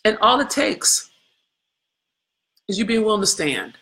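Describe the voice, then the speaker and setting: A woman's voice: mid-range voice, very animated, unhurried, pushed and bright. A woman hosting a live video, preaching with fervor in colloquial speech and reading viewer comments aloud between points. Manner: colloquial, addresses viewers as y'all. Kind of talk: impassioned live-stream commentary.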